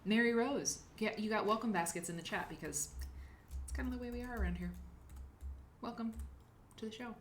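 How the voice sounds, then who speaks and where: A woman's voice: fairly high pitch, brisk, long pauses, slight background noise. A woman hosting a live quilting show, chatting casually and rambling while she thanks viewers by name. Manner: chatty, rambling, reads chat names aloud. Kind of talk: casual livestream chat.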